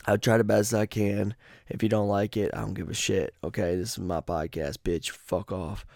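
A man's voice: on the low side, little pitch movement, normal speed, vocal fry, darkish tone, no room sound, studio quality. A man hosting his own podcast, chatting about a horror game in a rambling, profane, jokey way. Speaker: podcast host.

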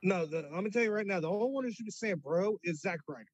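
A man's voice: high voice, lively intonation, fast, breathy edge, dry recording. A man co-hosting a podcast in casual chat, teasing and playfully bragging. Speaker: podcast co-host. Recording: dull lo-fi podcast audio.

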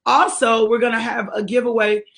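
A woman hosts a livestreamed morning devotional for her ministry. She speaks in a lively, exhortative way and greets viewers by name. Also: fairly high pitch, normal speed, gravelly. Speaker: ministry leader hosting a devotional.

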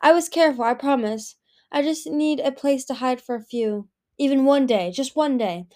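Lady reading a scared young girl dragon, begging, teary, kinda dark mellow voice. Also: on the high side, moderate pace, lightly acted. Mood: pleading. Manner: pleading, tearful. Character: desperate young female sand dragon on the run.

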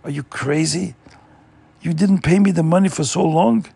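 A storyteller putting on a cruel, greedy landlord, raised in pitch and pressing hard with yelled threats. The voice is raspy and gravelly, with a dry, close sound. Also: male voice, normal speed, no room sound, heavily acted. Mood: mocking. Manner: yelling, threatening. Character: cruel, greedy male landowner.

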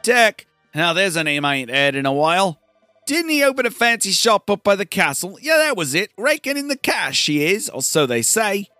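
A man's voice: high voice, big pitch swings, bright, forceful tone, no echo, faint music behind, voice pushed up, heavily acted. Brief: a man playing a sly Cockney tavern woman, raised voice, broad and hammy accent. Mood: knowing. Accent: put-on Cockney. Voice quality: deliberately bad, exaggerated accent. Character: sly cockney thief woman, streetwise barmaid.

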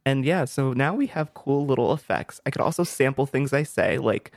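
A man's voice: medium pitch, lively intonation, normal speed, vocal fry, hardly any pauses, dry recording, studio quality. A young man hosting a casual gaming podcast, joking around and trying out sound effects on his streaming mic. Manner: jokey, playful, tries out sound effects. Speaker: podcast host. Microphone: streaming mic with compressor and EQ.

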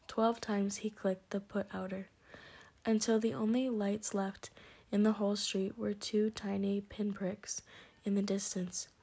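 A woman reads a storybook in whispered role-play, her voice breathy and mellow. The pitch stays flat and even, hushed from line to line. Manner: slow, hushed storybook reading.

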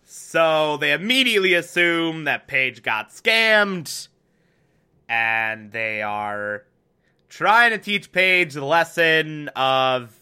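Young man, casual show recap, slow deliberate talk, very bright sharp voice, wry. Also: a little high, expressive, smooth. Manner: chatty, filler-heavy, with wry sarcasm.

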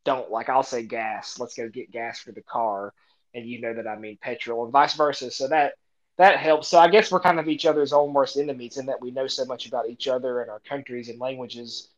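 An American man co-hosting a podcast, talking in an easygoing, self-deprecating way with halting restarts. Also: mid-range voice, fairly even intonation, rough recording. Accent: American English. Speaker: podcast co-host. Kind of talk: casual chat.

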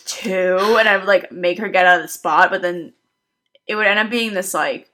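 A woman's voice: fairly low pitch, fairly quick, sharp tone. A young woman in casual chat with her sister, talking loosely with lots of fillers and a sheepish tone.

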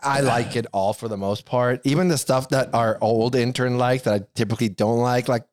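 A man's voice: mid-range voice, steady tone, normal speed, darkish tone, no echo, studio quality. A middle-aged man co-hosting a podcast, chatting casually in a rambling, profane way with many restarts. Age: around 50. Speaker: podcast co-host. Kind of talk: casual chat.

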